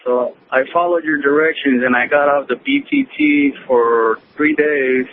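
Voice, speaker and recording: A man's voice: a little high, animated, a little slow. A man calling in to a radio show, talking hesitantly with lots of ums and uhs. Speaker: caller. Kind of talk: phone-in call. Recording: tinny phone line with faint hiss.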